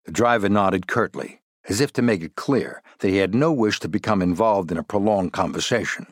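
A man reading a thriller novel aloud in a measured, even storytelling manner. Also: low voice, dry recording, studio quality. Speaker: audiobook narrator. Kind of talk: scripted narration.

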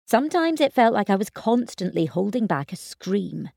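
A woman narrating a first-person story in an expressive, wry manner. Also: medium pitch, moderate pace, creaky, no room sound, studio quality. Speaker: audiobook narrator.

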